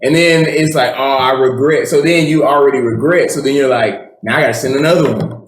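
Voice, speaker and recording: A little fast, this mid-range male voice belongs to a podcast co-host in casual conversation. He rambles with lots of fillers and restarts, recorded with a roomy echo.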